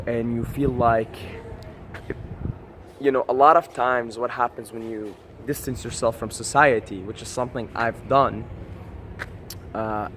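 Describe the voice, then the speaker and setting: A man's voice: mid-range voice, a bit bright, slight background noise. A man vlogging in a casual motivational monologue, passionate and profane, often asking "right?".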